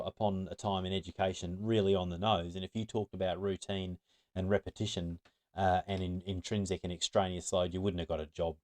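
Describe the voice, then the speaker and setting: Middle-aged guy presenting to teachers, lowish voice, earnest and emphatic, trips over words a bit. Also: a little mellow. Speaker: teacher trainer.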